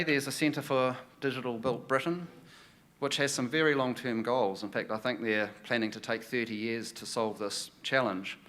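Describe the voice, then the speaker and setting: A man finishing a prepared conference speech in a measured, formal way. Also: lowish voice, a bit bright. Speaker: conference speaker.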